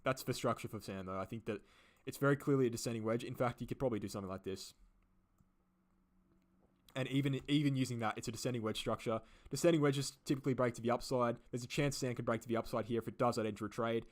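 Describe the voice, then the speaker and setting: With fairly even intonation and a quick delivery, a mid-range-voiced Australian man runs a crypto live stream. He responds to viewers' questions in a rambling style, full of fillers and repetition.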